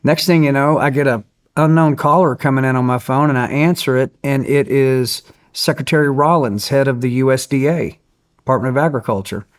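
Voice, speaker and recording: A man's voice: medium pitch, fairly quick. A man, a guest in an interview, telling a story with energy and acting out other people's voices. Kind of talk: animated storytelling.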